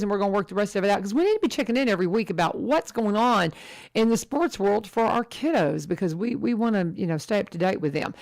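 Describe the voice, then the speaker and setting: A middle-aged woman hosting a casual radio chat, talking in a chatty, animated way and laughing often. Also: mid-range voice. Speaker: radio host.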